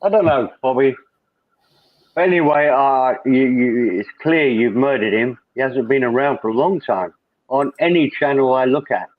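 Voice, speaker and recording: A man's voice: medium pitch, moderate pace, dry recording. A man hosting a casual live chat, rambling along and reading viewer comments aloud. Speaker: host. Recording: tinny phone-like line, dry.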